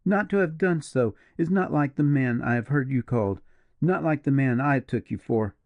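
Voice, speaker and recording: A man's voice: medium pitch, normal speed, dry recording, highs cut off, natural voice. A man voicing an impassioned, tender-hearted young woman in an audiobook, crying out in a raised, emotional voice. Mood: reproachful. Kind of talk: audiobook character reading.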